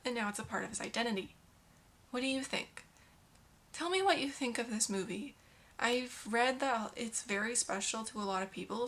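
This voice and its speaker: A woman's voice: on the high side, creaky, fairly bright tone. A young woman recapping and critiquing a romantic drama, casual with sarcastic asides. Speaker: film reviewer.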